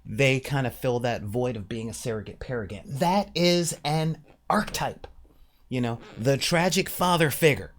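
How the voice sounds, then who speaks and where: A man hosting a casual monologue about tabletop gaming, emphatic and animated, slipping briefly into mock voices to make a point. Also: mid-range voice, measured pace. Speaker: podcast host.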